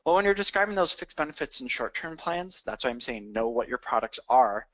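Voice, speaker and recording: A man coaching insurance agents in a sales training talk, energetic and addressing listeners directly. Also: medium pitch, brisk. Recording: dull lo-fi audio.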